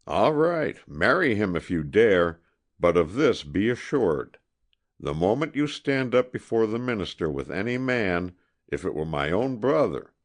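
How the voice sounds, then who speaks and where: A hot-tempered young frontier hunter in a storybook, swinging between desperate pleas and savage threats, as a male narrator plays him. The voice stays deep, with lively, swinging pitch. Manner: pleading, then savage and threatening. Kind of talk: audiobook character reading.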